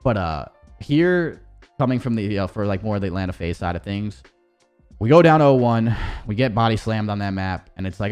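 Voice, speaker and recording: A man's voice: on the low side, animated, brisk, darkish tone, smooth, faint music behind. A man, an esports coach, casually reviewing gameplay footage in a rambling, profane way with many restarts.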